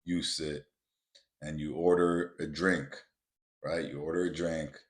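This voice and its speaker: A man with a very low, deep voice hosts a motivational podcast. He talks to his listeners bluntly and emphatically, swearing freely as he lays out his advice. He addresses them directly and often calls them "guys.". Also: little pitch movement, unhurried. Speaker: podcast host.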